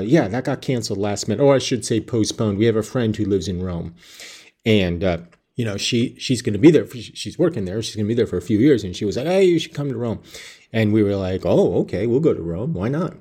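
A man's voice: on the low side, mellow. A man hosting a podcast, talking in a dry, self-mocking, digressive monologue. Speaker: podcast host. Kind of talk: casual rambling monologue. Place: home in Savannah.

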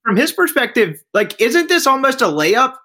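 A man with a high, bright voice co-hosts a casual sports podcast. His pitch swings widely as he fires off pointed questions. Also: normal speed. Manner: lively, asks pointed questions. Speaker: podcast co-host.

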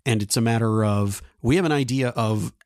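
Animated man chatting on a podcast. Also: medium pitch, normal speed, dry recording, clean studio sound. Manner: animated storyteller, laughs often. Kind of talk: casual chat.

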